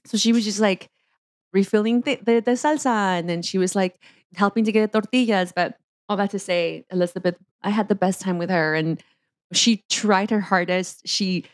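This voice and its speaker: A woman's voice: medium pitch, moderate pace, no room sound, clean studio sound. A woman co-hosting a podcast in casual chat, telling a story and acting out quotes with lots of "like"s. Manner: chatty storyteller, many "like"s, acts out quotes. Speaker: podcast co-host.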